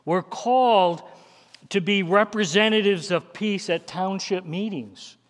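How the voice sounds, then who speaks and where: A man's voice: high voice, measured pace. A man preaching a sermon as a pastor, earnest and conversational, stacking up lists and speaking to the congregation directly. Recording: long hall reverb.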